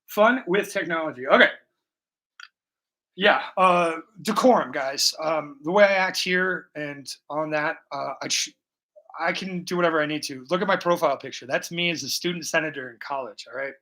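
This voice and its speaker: A man talks through a painting session on a livestream, picked up by a laptop mic. His voice sits a little high and rings bright and forceful. He rambles, jokes and swears, and now and then drifts into a few bars of song. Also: moderate pace, low-quality recording. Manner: joking, profane, rambling, bursts into song. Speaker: live-streaming painter. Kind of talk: casual livestream chat while painting.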